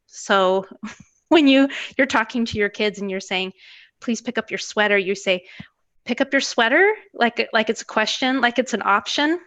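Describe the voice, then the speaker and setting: A woman's voice: medium pitch, fairly bright tone, no room sound. A woman in her thirties talks openly as an interview guest, laughing often and slipping into little quoted scenes to make her points. Her voice sits in a middle range and sounds close and dry, with no room around it. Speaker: guest, tutoring business owner. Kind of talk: casual interview conversation.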